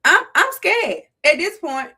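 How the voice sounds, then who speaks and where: A woman's voice: very high voice, big pitch swings, unhurried, bright, forceful tone. A middle-aged woman with a Southern US accent, hosting a casual livestream in a playful, preachy way and talking to her chat. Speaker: livestream host.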